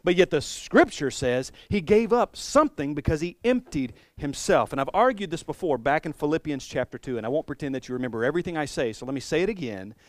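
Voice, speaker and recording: A man's voice: on the high side, animated, fast, few pauses, no echo. Conversational male pastor preaching. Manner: conversational, humorous, musing. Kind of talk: sermon.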